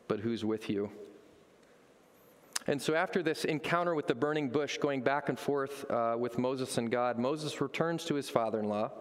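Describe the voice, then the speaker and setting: A man's voice: mid-range voice, big-room sound. A man preaching a sermon as a pastor, telling stories with energy and acting out voices. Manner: animated storytelling, acts out voices.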